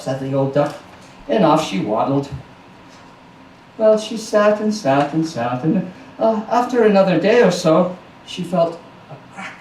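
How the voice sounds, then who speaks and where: A man's voice: high voice, animated, unhurried, long pauses, a little hiss or hum. Playful male storyteller, roomy room sound. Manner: warm, playful, chatty asides. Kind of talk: live storytelling performance. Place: small house concert venue. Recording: roomy live recording from a distance.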